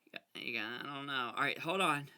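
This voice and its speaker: A man casually talking himself through a card game, anxious and excitable, arguing with himself as he plays. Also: medium pitch, a little fast, clear, resonant tone. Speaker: gameplay video creator. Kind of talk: casual talk over a solitaire game.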